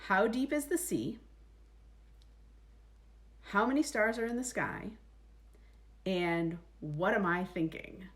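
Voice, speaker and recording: Smug cruel storybook king, slow and teasing, as a woman storyteller plays him. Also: mid-range voice, natural voice. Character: smug cruel king who toys with people.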